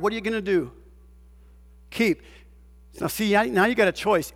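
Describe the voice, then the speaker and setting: A man with a fairly high voice delivers an emphatic sermon as a pastor. He fires off rhetorical questions and drops to near-hushed tones before rising again. His voice rings with a long reverb, as if in a large hall.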